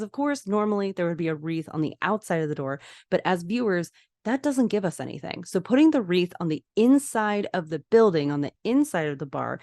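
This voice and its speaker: A woman podcast host narrating an episode recap scene by scene, with lively asides of her own. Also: on the low side, dry recording, clean studio sound. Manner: vivid scene-by-scene retelling with asides.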